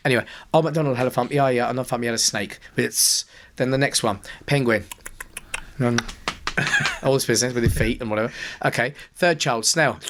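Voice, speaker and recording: A man, a pantomime performer and podcast guest, telling stage anecdotes in a lively way, acting out the dialogue and laughing as he goes. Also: medium pitch, a little hiss or hum. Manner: animated, acts out dialogue, laughs often. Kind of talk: anecdotal storytelling.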